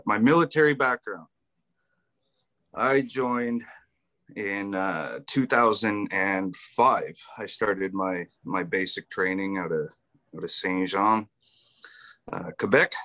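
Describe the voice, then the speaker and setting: A man's voice: on the low side, pushed and bright. A man who served in the army, telling stories as a podcast guest, rambling with fillers, restarts and frequent laughs. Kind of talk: casual storytelling interview.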